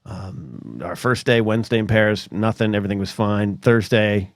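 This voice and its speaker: A man's voice: fairly low pitch, normal speed, dry recording, clean studio sound. A middle-aged man hosting a solo podcast, telling stories in a rambling, chatty way full of asides. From United States. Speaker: podcast host.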